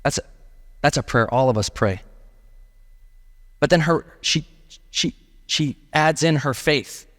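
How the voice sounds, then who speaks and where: A man's voice: on the high side, slow pace, pauses often, a bit bright, in a large hall. A male pastor preaching a sermon in a casual, emphatic way, often saying "like". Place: church sanctuary.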